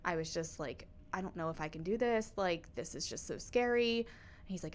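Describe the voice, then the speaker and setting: A woman's voice: deep voice, lively intonation, normal speed. Woman in her thirties telling a personal story. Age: 30s. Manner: emotional storytelling with many likes and you-knows. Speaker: podcast guest. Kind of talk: casual chat.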